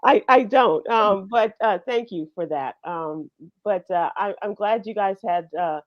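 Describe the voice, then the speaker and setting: A woman's voice: mid-range voice, unhurried, no echo, muffled recording. A woman hosting a radio talk show, bantering casually and laughing often while she teases her co-hosts. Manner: laughs often, warm teasing.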